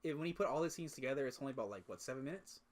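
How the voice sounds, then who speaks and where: A man's voice: mid-range voice, lively intonation. A young man co-hosting a podcast, chatting casually, swearing and filling his talk with "like". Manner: rapid, swears casually, many fillers. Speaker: podcast co-host. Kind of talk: casual chat.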